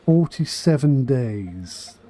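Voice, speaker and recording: A man's voice: mid-range voice, very animated, takes it slowly, mellow. A man streaming a management game for charity, thinking aloud with dry asides and a slightly tickly throat. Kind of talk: casual charity livestream commentary.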